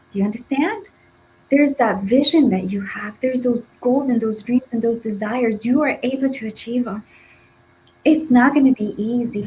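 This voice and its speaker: A Nicaraguan woman in her forties speaks as a podcast guest, delivering a motivational talk that is emphatic, heartfelt and encouraging. Her voice is a little high and a little mellow, captured in a rough recording with some hiss or hum.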